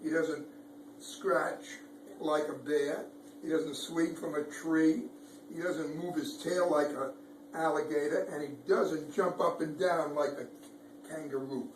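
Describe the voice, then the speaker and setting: A man voicing a small, lazy female ladybug in a storybook, in a soft, half-whispered, worrying voice. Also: fairly high pitch, fairly even intonation, takes it slowly. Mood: content. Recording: echoey room, far from mic, noise.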